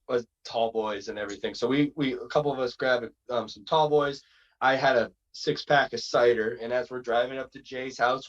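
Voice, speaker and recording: A man's voice: mid-range voice, muffled recording. A man from Massachusetts, a wrestler, telling a long road-trip story in a rambling, casual way. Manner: rambling, acts out quotes in other voices. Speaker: wrestler guest.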